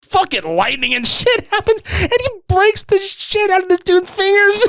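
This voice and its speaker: A man's voice: very high voice, very animated, moderate pace, fairly bright tone, no echo, studio quality. A man co-hosting a podcast in casual, profane film chat, acting out scenes in funny voices. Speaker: podcast co-host.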